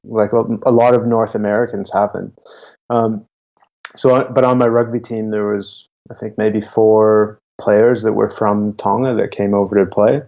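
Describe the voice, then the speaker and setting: Gravelly-voiced young man from Canada. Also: on the low side, level tone, dark tone. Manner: halting, with frequent restarts. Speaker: guest, YouTuber. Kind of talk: casual interview talk. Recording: dull lo-fi audio.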